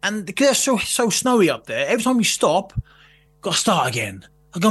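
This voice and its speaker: Man, high-pitched, sweary, laughing storyteller. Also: very animated, a little fast, a bit bright, breathy edge. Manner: swears freely, laughs through anecdotes. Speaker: podcast guest. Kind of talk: casual storytelling chat.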